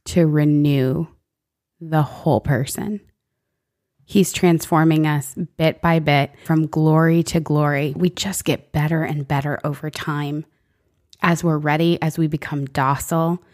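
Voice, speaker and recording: A woman with a low voice talks through matters of faith in an earnest, reflective way. She weaves scripture into a relaxed conversation. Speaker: podcast co-host.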